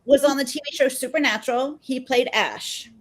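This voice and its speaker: A woman in her fifties talks as a podcast guest. Her voice sits a little high, and she tells stories with an easy, chatty energy. She slips into the voices of the people she quotes. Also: moderate pace. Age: 50s. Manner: chatty and animated, acts out quoted dialogue. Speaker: podcast guest, mental health therapist. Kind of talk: casual storytelling in a podcast interview.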